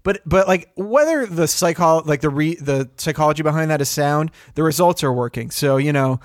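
A man's voice: a little high, moderate pace, dry recording, clean studio sound. A man in casual podcast chat, telling rambling stories full of swearing. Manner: rambling, profane, animated storytelling.

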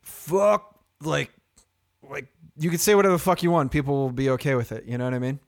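A man's voice: mid-range voice, quick pace. A young man chatting casually as a podcast co-host, blunt and profane, telling loose anecdotes. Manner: blunt and profane, acts out other people's voices in anecdotes. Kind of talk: casual chat.

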